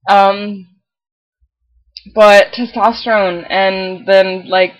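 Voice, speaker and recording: A young man with a light, girlish-sounding voice, talking in a casual video diary and pausing often with ums. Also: high-pitched, flat delivery, poor audio. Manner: hesitant, full of pauses and "um"s. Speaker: vlogger.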